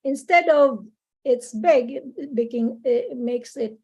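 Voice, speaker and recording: Slow, patient high-voiced woman tutor. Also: warm tone, slightly rough, poor audio. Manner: patient, encouraging, explains slowly with many restarts. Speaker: IELTS speaking tutor. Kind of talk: online English lesson.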